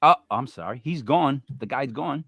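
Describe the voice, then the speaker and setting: A male podcast co-host tells a long, rambling anecdote, acting out the quotes as he goes. His voice is bright and forceful and swings widely in pitch. The sound is close and dry. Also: expressive, normal speed, breathy edge, dry recording. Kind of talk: storytelling banter.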